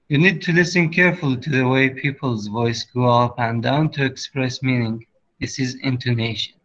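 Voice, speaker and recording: A man teaching an English class, explaining slowly with pauses and fillers, sometimes switching to Arabic. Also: medium pitch, fairly bright tone, muffled recording. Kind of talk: online class lesson.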